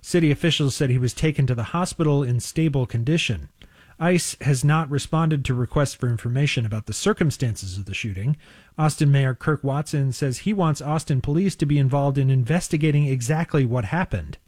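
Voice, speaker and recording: A man's voice: medium pitch, a little fast, a little mellow, no room sound. Man filing a dry radio news report.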